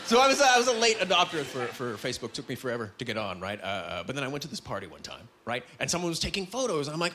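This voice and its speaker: A young man from Canada doing an animated stand-up set into a stage mic, breaking into loud character voices. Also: medium pitch, racing, hardly any pauses, noisy background. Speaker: stand-up comedian. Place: comedy club stage. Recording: live club with audience.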